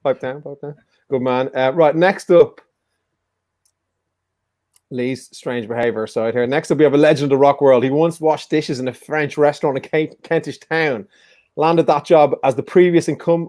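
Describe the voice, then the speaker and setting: A man's voice: on the high side, normal speed, a little mellow, no echo, clean studio sound. A man hosting a live-streamed music quiz in a casual, joking, teasing way. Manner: joking, teasing, playful banter. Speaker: quiz show host.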